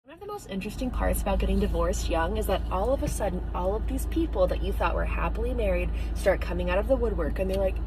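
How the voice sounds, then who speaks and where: A woman talking quickly and enthusiastically in a casual, profane way. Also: medium pitch, noisy background. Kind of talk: casual vlog talk.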